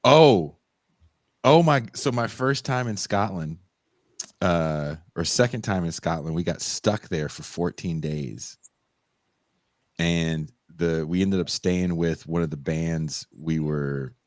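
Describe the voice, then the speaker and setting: Male podcast co-host, deep voice with wide swings, dry close sound, swearing storyteller. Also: slow, dry recording. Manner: animated storyteller, swears freely. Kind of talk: casual podcast chat.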